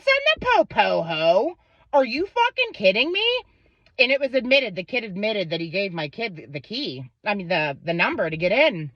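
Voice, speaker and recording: Fired up mom ranting, swears a ton, voice bouncing all over, dry kinda muffled audio. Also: female voice, mid-range voice, fairly bright tone, no room sound. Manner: profane, heated, quotes others in voices. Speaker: parent telling a story. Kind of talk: angry storytime rant.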